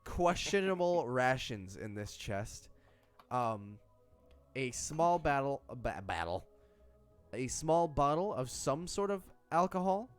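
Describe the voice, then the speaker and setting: A man narrating as game master of a tabletop game on a stream, relaxed and halting, talking into a headset. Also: medium pitch, clean tone, soft background music. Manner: relaxed, halting, with fillers and laughs.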